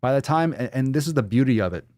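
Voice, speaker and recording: A man's voice: mid-range voice, lively intonation, quick pace, no room sound, clean studio sound. A man hosting a live stream, ranting profanely and mocking what he reads aloud. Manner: hypes the audience with shouted calls. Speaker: show host.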